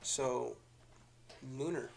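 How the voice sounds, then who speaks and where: A young man as a podcast guest, telling stories in a relaxed way with chuckles. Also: mid-range voice, drawn-out words, gravelly, a little hiss or hum. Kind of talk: casual interview.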